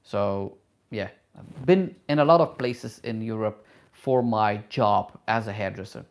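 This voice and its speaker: A middle-aged man, a travel vlogger and hairdresser, reads viewer questions aloud in a live Q&A and answers in halting, non-native English with many fillers. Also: lowish voice. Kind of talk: live Q&A, casual chat.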